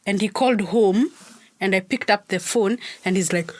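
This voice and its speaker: A woman co-hosting a podcast, chatting casually and telling lively stories, acting out what people said. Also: normal speed, long pauses. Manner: animated storyteller, acts out quotes with big pitch jumps and laughs. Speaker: podcast co-host. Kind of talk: casual chat.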